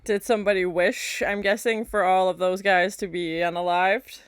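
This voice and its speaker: A woman hosting a reaction video. She comments in an animated, chatty way and often squeals and laughs. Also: on the low side, normal speed, a little hiss or hum. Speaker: host.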